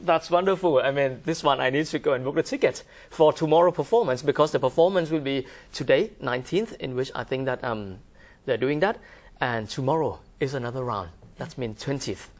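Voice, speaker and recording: A woman's voice: very deep voice, brisk, hardly any pauses, darkish tone. A woman hosting an interview who prompts her guests with curious, encouraging questions. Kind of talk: hosting a talk show interview.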